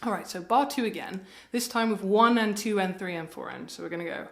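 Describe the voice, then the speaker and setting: A woman tutor talks through a ukulele lesson in a relaxed, chatty way, counting beats out loud. Her voice sits at a middle pitch and carries a noticeable room echo. Faint ukulele playing runs behind her. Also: brisk, vocal fry, few pauses, music in the background. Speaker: music tutor. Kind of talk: friendly instrument tutorial.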